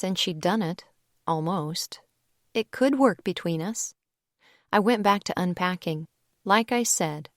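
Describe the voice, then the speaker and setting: A woman narrating a young adult audiobook in the first person, relaxed and conversational. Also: medium pitch, no echo, studio quality.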